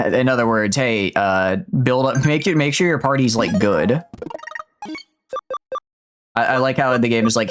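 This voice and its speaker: A man's voice: mid-range voice, measured pace, long pauses, faint music behind. A man streaming a game, chatting casually, answering chat and laughing often. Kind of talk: casual gameplay commentary.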